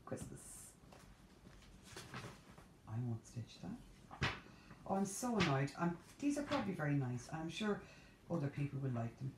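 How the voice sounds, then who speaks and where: An Irish woman vlogging about cross-stitch, ranting in an animated, exasperated way with playful asides. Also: low voice, unhurried, long pauses, background noise. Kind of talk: casual chat to camera. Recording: echoey room.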